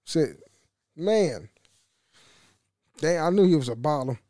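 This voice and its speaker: A man's voice: on the high side, expressive, slow, dark tone, dry recording. Profane rambling young man, dry sound. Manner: rambling, profane, laughs often, restarts. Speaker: podcast host. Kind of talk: casual solo podcast rant.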